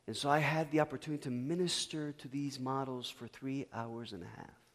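A man's voice: mid-range voice, fairly even intonation, a little fast. Storytelling male pastor in a reverberant hall. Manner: storytelling, swings from loud to hushed. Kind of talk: sermon. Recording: long reverb of a church hall.

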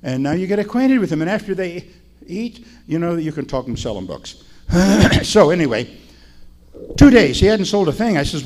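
A man's voice: high voice, very animated, moderate pace, a little mellow. An older man preaching in a chatty, storytelling way, often asking his listeners questions. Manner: folksy, chatty, asks the audience. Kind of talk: storytelling sermon.

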